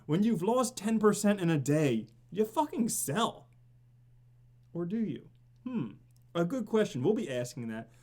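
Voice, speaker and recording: A man hosts a casual live stream in an excitable, theatrical way. His voice sits high and swings wide in pitch. He swears freely and greets viewers by name. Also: unhurried. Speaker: crypto live stream host.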